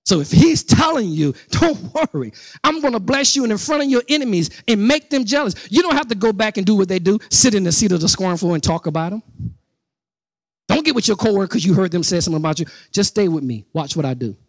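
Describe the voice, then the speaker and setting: A man's voice: high voice, expressive, fast, dry recording, studio quality. A middle-aged man preaching a sermon as pastor, speaking conversationally with asides to the congregation and building into rising outbursts with repeated phrases.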